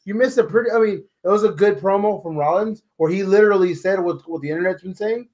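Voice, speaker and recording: A man's voice: sits high, fast talker, a little mellow. A man co-hosting a wrestling podcast in casual chat, rambling and swearing freely with lots of "you know what I mean". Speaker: podcast co-host.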